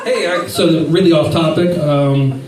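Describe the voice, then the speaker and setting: Guy doing standup, high-ish voice, rambling stories, roomy and far from the mic. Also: measured pace, a loud crowd. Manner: rambling, animated storytelling with silly voices. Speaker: stand-up comedian. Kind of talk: stand-up comedy set. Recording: echoey room from far off with faint noise.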